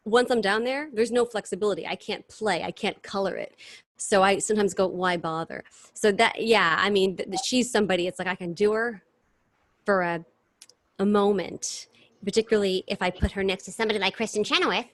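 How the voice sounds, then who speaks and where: A woman singer and impressionist, guest in a casual interview, talking in long, animated answers with restarts over a video call. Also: mid-range voice, a little fast, dry recording.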